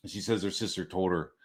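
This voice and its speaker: Animated man telling a rambling story. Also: fairly low pitch. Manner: animated, swears freely, rambling with restarts. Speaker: livestream show host; father of young daughters. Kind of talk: casual anecdote telling.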